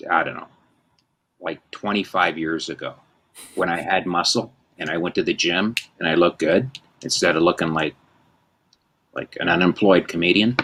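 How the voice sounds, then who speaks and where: Deep-voiced man spinning rambling anecdotes. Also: moderate pace, pauses often, a bit bright. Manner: rambling, self-mocking storyteller. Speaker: host. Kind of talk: casual anecdote-telling chat.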